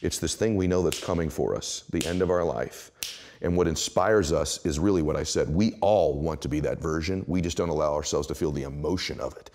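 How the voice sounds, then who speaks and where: A middle-aged man speaking as an interview guest, telling motivational stories with emphatic, animated delivery. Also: very deep voice, a little fast.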